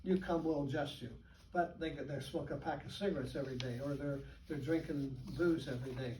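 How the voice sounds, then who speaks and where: An older man speaks casually to a group of colleagues, his voice a bit high and picked up from across an echoey room. He tells stories with animated chuckles, and faint background noise sits under him. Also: fairly quick, distant mic. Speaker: guest speaker. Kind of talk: informal talk to colleagues.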